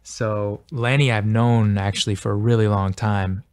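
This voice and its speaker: A man's voice: lowish voice, steady tone, moderate pace, clean tone, dry recording. Earnest rambling man, dry sound. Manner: earnest, rambling, heavy on "like" and "you know". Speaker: actor promoting a film. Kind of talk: casual interview chat.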